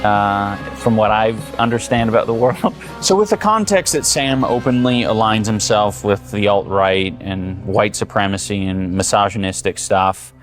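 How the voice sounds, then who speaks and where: A man's voice: fairly low pitch, moderate pace, few pauses. A man narrating a documentary in a dry, sardonic explaining tone. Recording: narration with loud background music.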